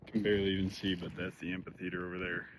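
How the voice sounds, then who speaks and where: A man's voice: low voice, level tone, rapid-fire, background noise. Winded Michigan guy vlogging a hike. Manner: chatty, swearing, complaining. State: out of breath. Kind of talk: hiking vlog narration. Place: outdoors on a mountain trail.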